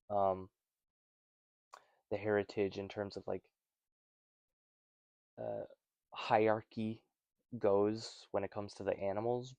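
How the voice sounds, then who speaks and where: A man's voice: fairly low pitch, a little mellow, dry recording. A man hosting a casual Bible study, reading passages and commenting with wry, rambling asides.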